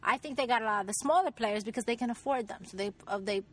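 A woman's voice: on the high side, fast talker. A Puerto Rican woman co-hosting a casual podcast from a parked car, chatty and emphatic. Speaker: podcast co-host. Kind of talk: casual chat about soap operas.

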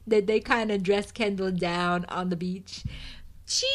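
A woman's voice: medium pitch, measured pace. A woman co-hosting a casual chat show, animatedly recapping a soap opera and calling out to her listeners. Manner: animated, addresses listeners as "people". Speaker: co-host.

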